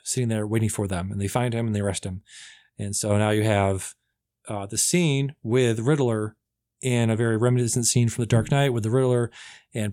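A man's voice: on the low side, darkish tone, no room sound, studio quality. A man casually retelling a movie plot on a podcast, rambling with many fillers.

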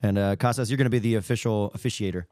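A man's voice: lowish voice, fairly even intonation, very fast, a little mellow, no room sound, clean studio sound. A man hosting a podcast, leading a question game in casual chat, upbeat and ready to argue. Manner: upbeat, argumentative, leads the segment.

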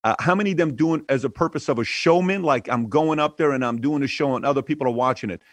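Man, Persian accent, interview host, rapid chatty questions, dry close mic. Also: medium pitch, no room sound. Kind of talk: casual interview conversation.

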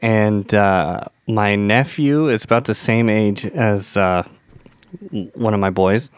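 A man's voice: lowish voice, slow pace, clean tone, dry recording. A man co-hosting a parenting podcast, a father who tells stories casually and acts out the voices of the people in them. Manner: acts out quoted voices, laughs at own story. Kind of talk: casual storytelling chat.

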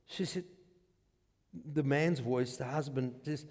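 A man with a South African accent preaching a testimony sermon, an animated storyteller who swings from hushed to shouting. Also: mid-range voice, slow pace, big-room sound. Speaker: pastor. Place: church.

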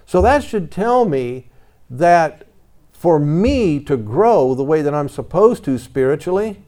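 A man with a fairly high-pitched, mellow voice preaches a conversational sermon. He shares his own story and reads scripture aloud in old-fashioned King James wording.

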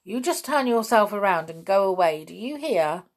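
A woman's voice: medium pitch, expressive, normal speed. A woman reading the part of a cheeky, teasing schoolboy in a storybook, in a playful, mock-threatening manner. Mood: mock-scolding.

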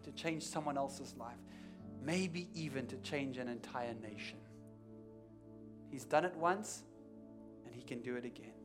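A man preaching a sermon as pastor, building to emphatic peaks and then dropping to quiet, intense lines, repeating key phrases for weight. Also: medium pitch. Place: church.

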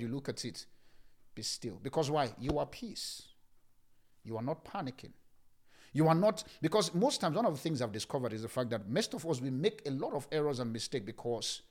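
Animated Nigerian pastor preaching a sermon. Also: male voice, medium pitch. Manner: animated preaching, shouting scripture then dropping to a calm hush.

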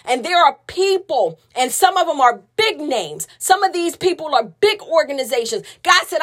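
A woman's voice: high voice, expressive, normal speed, few pauses, a bit bright. A woman hosting a faith podcast, sharing a personal testimony in a fervent preaching style, with repeated phrases building on one another. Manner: fervent, repetitive preaching cadence. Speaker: podcast host.

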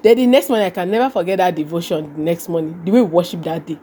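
Young Nigerian woman, podcast guest, animated storyteller, mellow tone, slight background noise. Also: on the low side, rapid-fire. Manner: animated, repeats phrases and acts out quoted speech. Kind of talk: casual conversational storytelling.

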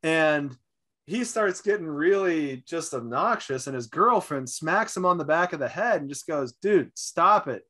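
A man with a slightly high voice tells a sports story in casual chat, animated and quick to act out the people in it. He co-hosts the show and keeps the talk loose and conversational. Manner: animated storyteller, acts out quotes. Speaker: podcast co-host.

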